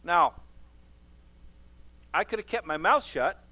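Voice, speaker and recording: A man's voice: sits high, very animated, slow, creaky, bright, forceful tone, no room sound. A man who is a pastor, preaching emphatically and leading a closing prayer, repeating phrases for stress.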